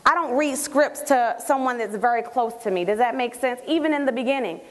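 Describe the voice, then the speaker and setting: A woman giving an energetic live training talk on network marketing, quizzing her audience as she coaches them. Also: a little high, brisk. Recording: echoey hall with long reverb.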